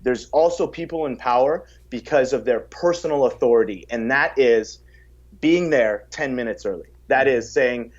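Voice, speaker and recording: An energetic man talks about fitness coaching in a relaxed podcast chat, his voice at an ordinary middle pitch. He often repeats a word before getting a sentence going. The audio is a little dull and muffled. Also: moderate pace. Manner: energetic, repeats words when starting sentences; acts out quotes in a raised voice. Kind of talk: casual podcast conversation.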